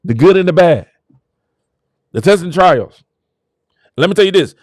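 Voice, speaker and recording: A man hosting his own show, delivering a fervent, preaching-style motivational talk that swings from low murmurs to shouted exclamations. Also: expressive, unhurried, dry recording. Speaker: show host.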